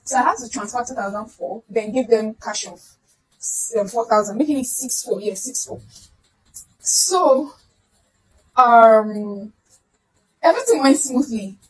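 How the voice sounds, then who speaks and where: A woman's voice: a little high, a little slow, long pauses, slightly rough, poor audio. A young Nigerian woman telling a personal story to camera, acting out the voices of the people in it. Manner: animated, acts out voices in the retelling.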